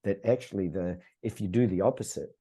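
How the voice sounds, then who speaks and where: A man's voice: low-pitched, a little fast, dark tone, breathy edge. A middle-aged man, a podcast guest, talking in an earnest, rambling way with many restarts. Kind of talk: casual conversational storytelling.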